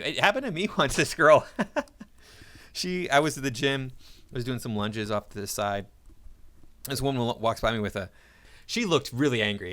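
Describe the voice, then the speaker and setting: An opinionated man reads out a list and gives his take on each point, with frequent chuckles along the way. His voice is bright and forceful, with a middle-range pitch. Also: lively intonation, fairly quick. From United States. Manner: opinionated, chuckles often between remarks. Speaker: commentator. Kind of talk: reading a list aloud and commenting.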